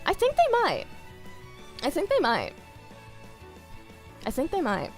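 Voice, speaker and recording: A woman's voice: high voice, huge pitch swings, slow pace, faint music behind. A woman with an Australian accent chatting casually on a stream, giggling often and rambling off on tangents.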